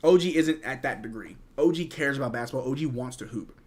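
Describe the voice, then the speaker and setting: A man's voice: medium pitch, fast talker, darkish tone. A young man hosting a casual live watch-along of a basketball game, calling plays, answering chat and trash-talking players. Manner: chatty, reads and answers chat, jokes and trash talk. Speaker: host of a fan live stream.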